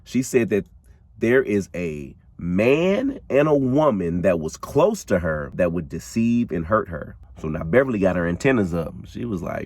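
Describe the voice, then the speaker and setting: Brief: male podcast host, casual slangy storyteller, low voice with very animated pitch. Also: moderate pace, no room sound. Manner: animated, slangy, laughs often, addresses listeners directly. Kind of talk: casual true crime storytelling.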